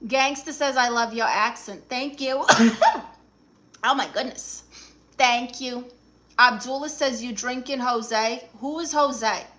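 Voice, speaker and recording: A woman's voice: on the high side, a bit bright. A woman playing a sassy New York aunt. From Brooklyn, New York. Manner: sassy, quick comebacks, reads chat aloud. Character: brassy, sassy middle-aged aunt playing self-styled therapist. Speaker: live streamer reading viewer comments. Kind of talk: comedic improvised live stream.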